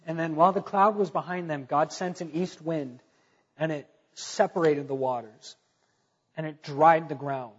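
A man preaches in a relaxed, storytelling way, dropping casual fillers and leaning hard on his main points. His voice sits a little high and sounds husky. The recording is dull and lo-fi. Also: moderate pace, in a large hall. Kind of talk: conversational sermon.

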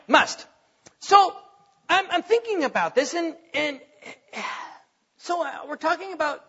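A male pastor preaches in a church with a husky, fairly high voice, stopping often on "uh" and restarting his sentences. He slips in folksy asides as he goes. The recording is dull and lo-fi. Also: pushed and bright. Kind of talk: sermon. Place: church sanctuary.

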